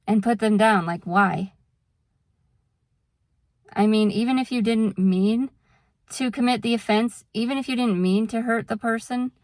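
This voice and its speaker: A woman's voice: a little high, dry recording, clean studio sound. A woman vlogger talking casually to camera, explaining things patiently with examples and drifting into a frank rant. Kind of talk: casual talking-head monologue.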